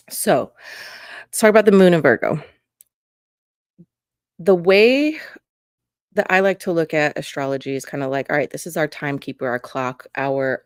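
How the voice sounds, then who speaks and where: A woman's voice: deep voice, no echo, studio quality. A woman hosting an astrology podcast, talking casually in a rambling, chatty way that keeps interrupting itself. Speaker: podcast host and astrology reader. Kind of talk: casual chat. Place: home recording on camera.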